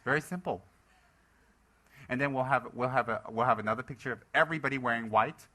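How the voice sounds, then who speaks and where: A man's voice: medium pitch, fast, bright, forceful tone. A man giving a playful Dharma talk as a Buddhist teacher, teasing his students with jokes. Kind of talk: joking Dharma talk to a live audience.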